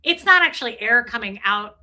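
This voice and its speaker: Her voice fairly high and her pace fairly quick, a livestream host in her forties reads viewer comments out loud. The chatter is crude, playful and animated.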